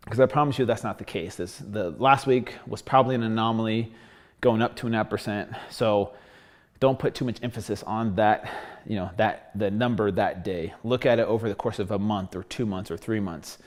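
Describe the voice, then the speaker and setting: A man's voice: fairly low pitch, fairly even intonation, a little fast. Breathless man rambling in a video diary. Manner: candid, rambling, many fillers. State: short of breath. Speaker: fitness vlogger.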